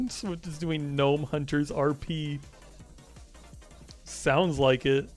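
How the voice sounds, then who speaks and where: A man's voice: a little high, very slow, a little mellow, faint music behind. Teasing young man streaming. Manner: teasing, swearing, rambling. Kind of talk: casual live-stream chat.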